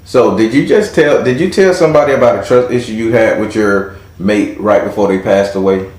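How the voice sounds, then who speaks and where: A man's voice: on the low side, a little fast, a little mellow, reverberant. A man hosting a live tarot reading with a caller, talking in a playful, teasing way with casual slang. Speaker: tarot reader and host.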